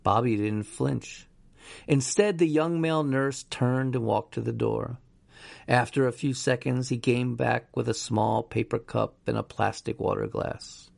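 A man narrating a story in a slow, even storytelling manner. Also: mid-range voice, creaky, no echo. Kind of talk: audiobook narration.

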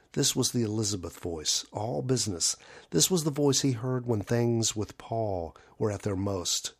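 A man narrating a horror story in a measured, low-key way. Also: creaky, husky.

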